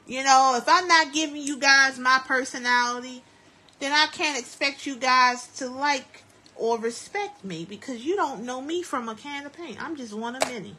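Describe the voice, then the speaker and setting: A woman hosting a live stream from home while doing hair, giving chatty, preachy life advice in a lively, down-to-earth way. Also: sits high, normal speed, a little hiss or hum. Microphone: phone live stream.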